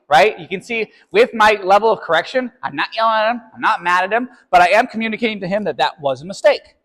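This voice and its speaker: A man's voice: sits high, fairly bright tone, in a large hall, rough recording. A man who trains dogs, explaining obedience step by step and checking in with "right?" and "okay?". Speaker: dog trainer. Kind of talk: instructional training video.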